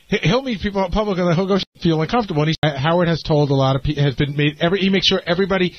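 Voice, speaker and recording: A man riffing in a radio studio, words tumbling out fast with constant stops and restarts. His pitch sits a touch high for a man, and the broadcast sound is dull and muffled. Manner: rapid, halting restarts. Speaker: radio show producer. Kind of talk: casual studio banter.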